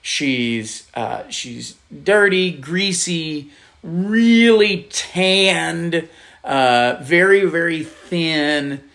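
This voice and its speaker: A man's voice: fairly high pitch, extremely slow, vocal fry. A middle-aged man, a pastor, casually telling a story in conversation, animatedly acting out quoted voices. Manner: animated storyteller, acts out quotes, laughs often.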